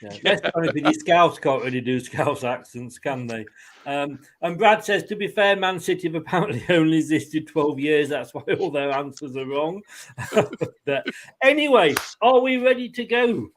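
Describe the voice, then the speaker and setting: A man with a slightly higher voice hosts a casual online quiz show. He chats loosely and keeps breaking into laughs. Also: expressive, normal speed, a little hiss or hum. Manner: chatty, laughs often while talking. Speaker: quiz host.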